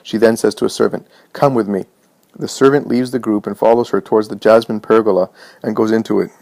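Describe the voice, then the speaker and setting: A man reading a religious story aloud in a measured, steady narration. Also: fairly low pitch, gravelly. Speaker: reader.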